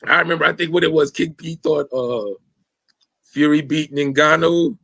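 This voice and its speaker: A man hosts a casual podcast, rambling loosely in profane slang with lots of fillers. His voice is fairly high and a bit bright, at a normal speed, with no room sound.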